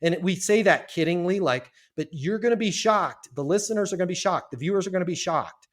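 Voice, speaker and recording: A man's voice: high voice, expressive, a little fast. A man guesting on a business podcast, teaching sales in an emphatic, punchy way with casual swearing.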